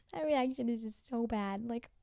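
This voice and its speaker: Woman vlogger, recap host: higher voice, mellow tone, chatty and wry, dry close sound. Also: creaky, no echo. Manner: chatty and wry, peppered with "like" and teasing asides. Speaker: TV show recapper. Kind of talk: casual episode recap.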